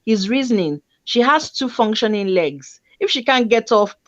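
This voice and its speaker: A woman, hosting a casual online chat show, reading stories aloud with lively, teasing asides. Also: fairly high pitch, moderate pace, no room sound, dull audio. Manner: animated, laughing, teasing asides. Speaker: show host. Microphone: video call stream.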